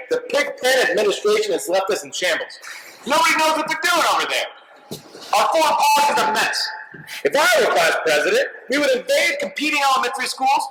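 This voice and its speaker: A man playing an earnest, bashful young boy running for class president in a live comedy skit, giving a mock-solemn speech. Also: very high-pitched. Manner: mock-solemn campaign speech, stammers when flustered. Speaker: skit performer. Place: holiday party venue, live audience. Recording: echoey room, loud background noise.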